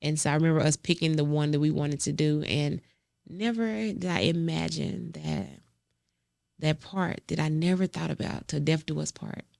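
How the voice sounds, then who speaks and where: A woman in her forties hosting a podcast, speaking softly and from the heart, often halting and restarting as she reflects. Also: deep voice, fairly even intonation, creaky, dry recording, clean studio sound. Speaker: podcast host. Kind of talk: personal reflective monologue.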